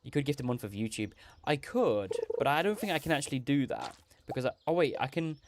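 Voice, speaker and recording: A man's voice: mid-range voice, expressive, fast talker, background noise. A man hosting a gaming livestream, rambling casually, laughing often and correcting himself mid-sentence.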